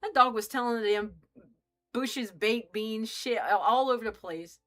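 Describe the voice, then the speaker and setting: Young woman game streamer, bright and forceful tone, loose rambling chatter, cusses freely, talks straight to chat. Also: on the high side, measured pace. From United States. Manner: rambling, joking, swears freely, chats with viewers. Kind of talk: casual live-stream chat while playing.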